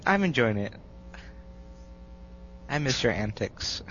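A young adult man with a stuffy nose co-hosts a podcast, talking slowly in a sing-song, slightly bright mid-range voice. Laid-back and self-mocking, he laughs often during the casual group chat over mics. The lo-fi mic sounds dull and carries a faint hum.

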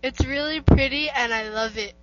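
A young woman chats casually as a podcast co-host, teasing and joking. Her voice sits a little high. The sound is muffled, with a faint static hiss. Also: moderate pace. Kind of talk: casual chat.

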